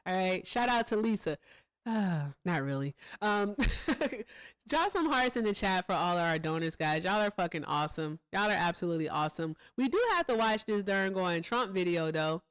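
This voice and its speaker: A woman's voice: on the low side, expressive, moderate pace, clean tone, no room sound. A woman hosting a live stream in a casual, chatty way. She thanks donors, laughs often and swears freely. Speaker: livestream host.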